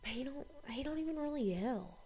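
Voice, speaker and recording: Blunt, animated woman. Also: high-pitched, a little fast. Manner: blunt, heavy swearing, speeds up when worked up. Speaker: podcast co-host. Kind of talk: candid casual chat.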